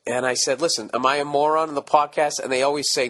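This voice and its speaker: A man in his forties with a Boston accent, hosting a podcast, ranting casually with lots of profanity; his voice is hoarse from screaming. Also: a little high, fast talker. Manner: profane, animated ranting with mocking asides. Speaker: podcast host.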